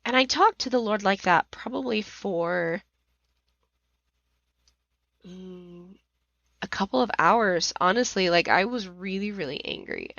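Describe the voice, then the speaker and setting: On her podcast, a middle-aged woman tells an emotional personal story, flaring to near-shouting as the anger comes back. Her mid-range voice is expressive, with vocal fry, a measured pace and long pauses. There's no echo, and the highs are cut off.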